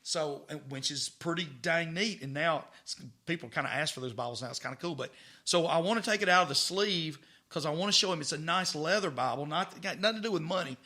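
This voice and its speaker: A middle-aged man with a drawl shares stories as a podcast guest. His voice is strikingly bright and sharp. He stammers and repeats words while acting out bits of dialogue. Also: on the high side, quick pace. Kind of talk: casual storytelling.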